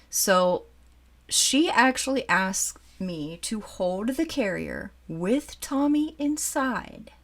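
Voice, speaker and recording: A woman in her forties who collects dolls, telling a childhood story in a chatty, animated way while showing a doll to the camera. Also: fairly low pitch. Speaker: doll collector and channel host. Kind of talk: casual storytime chat.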